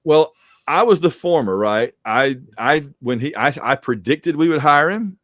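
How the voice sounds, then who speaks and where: Lively joking man, dry close sound. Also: fairly high pitch, a little slow, no room sound. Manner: joking, animated, teasing. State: voice getting worn. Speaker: podcast co-host. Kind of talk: casual chat, reading supporter names.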